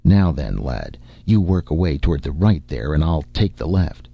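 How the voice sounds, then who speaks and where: Man doing a husky growling barbarian warrior. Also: extremely low pitch, big pitch swings, normal speed, mellow, no echo, heavily acted. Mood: gruff, dry. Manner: dry, curt, mocking. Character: gruff blunt barbarian warrior man, scornful. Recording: dull lo-fi recording.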